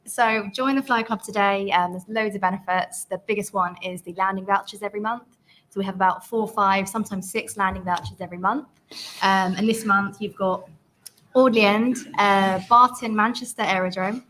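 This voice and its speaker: Bubbly, chatty woman pitching a club. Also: steady tone, a bit bright, a little hiss or hum, rough recording. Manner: chatty, bubbly, quick to laugh. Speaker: flying club organiser. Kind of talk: casual promotional talk.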